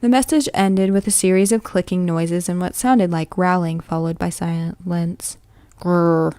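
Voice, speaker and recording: A woman's voice: fairly low pitch, fairly even intonation, normal speed, dark tone, no room sound. A woman reading a novel aloud in a plain manner, with occasional slips that she corrects. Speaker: reader.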